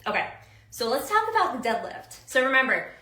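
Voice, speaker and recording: A woman's voice: high-pitched, sing-song, a little fast, pushed and bright, roomy sound, poor audio. A woman strength coach giving upbeat, casual instructions with slang and countdowns for kettlebell lifts.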